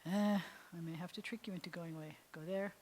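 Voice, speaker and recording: A woman rabbi with a lowish, darkish voice teaches beginner Hebrew in a brisk, fairly even delivery. The lesson is playful and chatty, with jokey explanations, and she talks aloud to her computer as she works.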